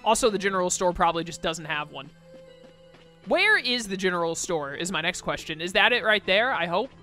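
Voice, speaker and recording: A woman's voice: on the low side, expressive, fairly quick, bright, forceful tone, faint music behind. A woman giving casual commentary over a video game playthrough, with wry, sarcastic asides. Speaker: let's play gamer.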